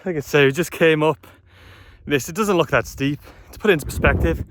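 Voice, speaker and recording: Fairly high-pitched and fairly quick, this man's slightly bright voice narrates a hike for his vlog as he walks a windy mountain trail with his phone camera. He's a bit breathless, chatty, frustrated and self-deprecating. The recording is dry apart from faint wind noise.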